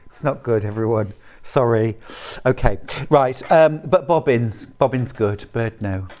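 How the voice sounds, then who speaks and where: A man with a British accent presenting on a live shopping channel, chatty and jokey, reading out viewer messages between product pitches. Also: unhurried, a little mellow.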